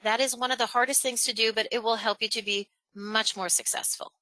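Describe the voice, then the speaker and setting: A woman presenter leads a virtual training session on a video call, talking energetically and putting emphasis on her key points. Her voice sits a little high and bright, and the close mic sounds dry. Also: fairly quick, dry recording, poor audio. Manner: energetic, emphatic, varies tone and pace on purpose. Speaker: webinar presenter.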